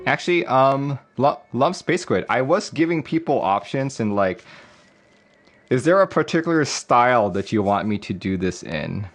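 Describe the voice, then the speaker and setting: Reading his chat aloud with plenty of chuckles, a livestream host rambles through a casual stream. His voice is mid-range with lively intonation at a moderate pace, and faint music sits behind him.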